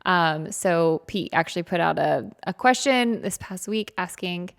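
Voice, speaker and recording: Low, gravelly-voiced woman podcast co-host. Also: lively intonation. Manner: chatty, interjecting, quick to agree. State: pregnant. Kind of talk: casual podcast chat.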